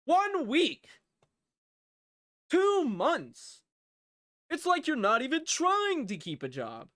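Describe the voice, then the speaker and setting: A man voicing an exasperated male career counselor who shouts in loud, incredulous disbelief and swears. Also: very high-pitched, huge pitch swings, takes it slowly, dry recording, clean studio sound, voice pushed up, full character voice.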